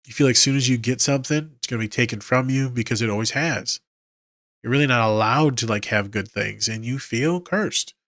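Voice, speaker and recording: A man's voice: mid-range voice, brisk, fairly bright tone, no room sound, studio quality. A man hosting a podcast as a therapist, retelling film scenes emotionally with quoted lines and swearing. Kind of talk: casual film breakdown.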